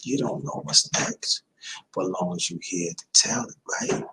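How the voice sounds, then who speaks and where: A man's voice: low-pitched, normal speed, gravelly, noisy background. A man in his fifties hosting a livestream, giving an emphatic, repetitive motivational talk. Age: 50s. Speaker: livestream host.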